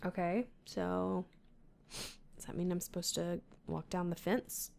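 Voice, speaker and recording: A woman's voice: lowish voice, fairly even intonation, takes it slowly, creaky, darkish tone. A woman casually commenting as she plays a video game, muttering to herself and reading game text aloud. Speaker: let's-play gamer.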